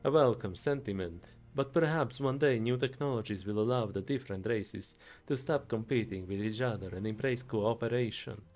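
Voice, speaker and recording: A man voicing a proud, idealistic male engineer in a put-on Italian accent, declaiming loudly in a game voiceover. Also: medium pitch, normal speed, few pauses, faint music behind, close to an everyday voice.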